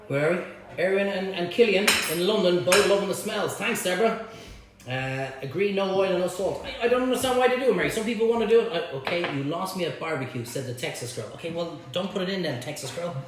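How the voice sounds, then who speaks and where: Male cook-along host, cheeky and blunt, a little high, recorded in a ringing kitchen. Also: lively intonation, fast, crowd noise. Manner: chatty, blunt, banters with viewers. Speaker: cooking show host. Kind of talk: live cook-along demonstration. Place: home kitchen. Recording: echoey kitchen, faint hum.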